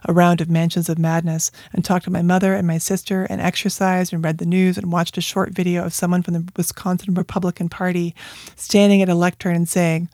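An adult from Colorado reading personal journal entries aloud in a quiet, measured way, at times dropping into a whisper. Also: mid-range voice, little pitch movement, no echo. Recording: dry close mic with faint music.

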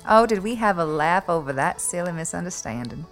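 A woman's voice: fairly low pitch, animated, fairly quick, faint music behind. A woman playing a snobbish, wealthy middle-aged Southern belle mother with an Atlanta accent, speaking in a prim, genteel and condescending way in a comic monologue. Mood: haughty.

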